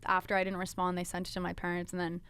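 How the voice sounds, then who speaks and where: A woman's voice: lowish voice, monotone, fast, fairly bright tone, smooth, no echo. A woman in her twenties telling her story as a podcast guest, chatty, with many "like" fillers. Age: 20s. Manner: chatty, full of "like" fillers, acts out quoted voices. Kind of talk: casual storytelling in a podcast interview.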